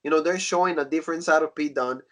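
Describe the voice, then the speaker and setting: Man with a fairly high voice recapping casually. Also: quick pace. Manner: relaxed recapping with fillers like "you know". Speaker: wrestling podcast co-host. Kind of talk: casual podcast chat, recapping.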